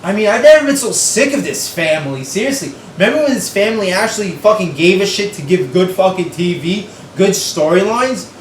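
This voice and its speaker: A man's voice: high-pitched, echoey room, far from the mic, a little hiss or hum, low-quality recording. A young man giving a profane, exasperated, sarcastic recap of a wrestling show.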